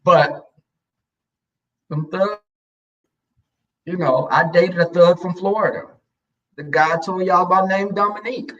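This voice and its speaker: A man telling a personal story in a casual chat, sassy and animated, acting out what people said. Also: high voice, a little slow, long pauses, distant mic, dull audio. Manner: animated, sassy, acts out quoted lines.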